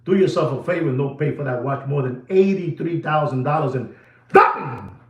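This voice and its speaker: A man's voice: on the high side, normal speed, muffled recording. A man hosting a watch channel, rambling and lecturing, repeating himself for emphasis. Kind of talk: rambling video monologue. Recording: echoey room.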